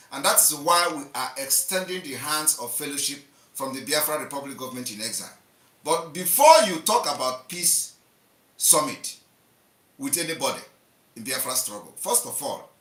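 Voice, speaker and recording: A man comments forcefully. His voice has a bright edge. He sits back from the mic in a roomy, echoing space. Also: on the high side, far from the mic. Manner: emphatic, repetitive, swings between loud and soft. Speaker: host of an online live show. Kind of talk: impassioned live commentary.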